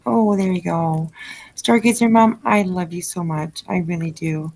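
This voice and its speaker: A woman with a lowish, gravelly voice hosts a casual late-night livestream. She talks to her viewers in a chatty, effusive way, with lots of ums along the way. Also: measured pace, a little mellow, a little hiss or hum, rough recording. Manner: chatty and effusive, many fillers. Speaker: livestream host reading chat.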